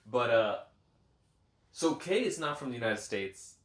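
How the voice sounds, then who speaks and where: A man's voice: medium pitch, lively intonation. A man hosting and editing a casual podcast, steering the chat along in an organized way. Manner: quick, organized, steers the discussion. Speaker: podcast host and editor. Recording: echoey room.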